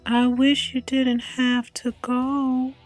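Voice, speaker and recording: A woman reading as a gentle young man. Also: high-pitched, little pitch movement, slow pace, soft background music, poor audio. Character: gentle 20-year-old man, soft-spoken and polite.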